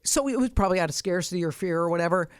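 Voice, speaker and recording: A woman's voice: fairly low pitch, lively intonation, very fast, clean tone, no echo, clean studio sound. A woman co-hosting a podcast, telling comic stories in a blunt, profane way and acting out both sides of each exchange. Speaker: podcast co-host. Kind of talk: casual comedic storytelling chat.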